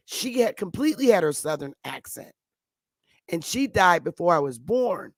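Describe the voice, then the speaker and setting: Woman, fifties, from the northern US, slow rambling talk, lots of restarts, dry close sound. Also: lowish voice, no room sound. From northern United States. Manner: rambling, with frequent restarts and fillers. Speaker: YouTube commentator. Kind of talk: casual monologue.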